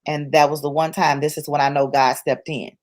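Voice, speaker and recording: A woman with a slightly low voice tells her own story to an interviewer. She speaks in a colloquial, church-rooted way, hammering points home through repetition. It sounds like candid personal testimony rather than a speech. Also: little pitch movement, fairly quick. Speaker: interview guest.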